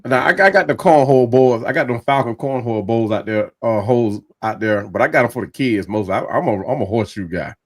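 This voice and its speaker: A man's voice: mid-range voice, fast, hardly any pauses, no echo, studio quality. A man who calls himself a country boy, chatting casually in a laid-back, folksy way that repeats itself. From American South. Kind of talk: casual sports chat.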